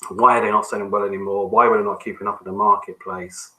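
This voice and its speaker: A man coaching on a call, answering questions in a relaxed, conversational way with frequent ums and restarts. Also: on the low side, fast talker, low-quality recording. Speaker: business coach.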